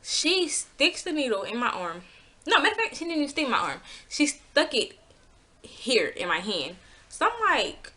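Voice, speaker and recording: A woman tells a personal story in a casual vlog at a moderate pace, animated and exasperated and swearing freely. She acts out what people said, jumping in pitch for the quotes.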